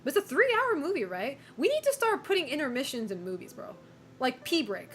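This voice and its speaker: A woman's voice: high voice, big pitch swings, fairly quick, slight background noise. A woman streamer chatting casually with viewers, opinionated, swearing and laughing often.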